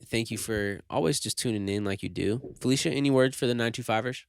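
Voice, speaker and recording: A man's voice: mid-range voice, fast, creaky, hardly any pauses, smooth, dry recording. A young man co-hosting a casual podcast, teasing his co-host with dry, short replies and easygoing sign-offs.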